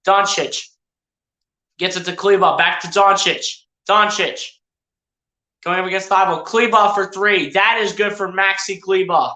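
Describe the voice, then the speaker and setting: Bright, chatty play-by-play streamer in an echoey room. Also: medium pitch. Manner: chatty, addresses players and viewers directly, self-correcting. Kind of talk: casual live play-by-play commentary.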